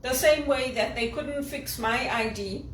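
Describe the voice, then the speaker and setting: A woman's voice: sits high, a little slow, reverberant, far from the mic, a little hiss or hum, poor audio. A woman from Zimbabwe with a polished, elocution-trained Zimbabwean English accent, speaking in an impassioned, indignant monologue full of rhetorical questions. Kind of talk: personal monologue vlog.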